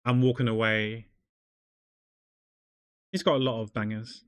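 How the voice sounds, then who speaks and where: A relaxed man talks to his chat while he draws, jokey and meandering. His voice sits at an ordinary middle pitch and comes through a close, dry mic. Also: measured pace, smooth, no echo. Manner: chatty, rambling, jokey. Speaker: art streamer. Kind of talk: casual livestream chat while drawing.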